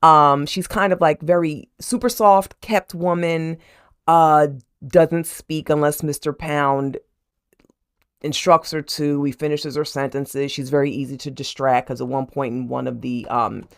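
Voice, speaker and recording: A woman's voice: deep voice, unhurried, clean tone. A woman hosting her horror book vlog, chattily recapping a chapter and often checking in with "okay?". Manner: animated, laughs while retelling. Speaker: host and horror book reviewer.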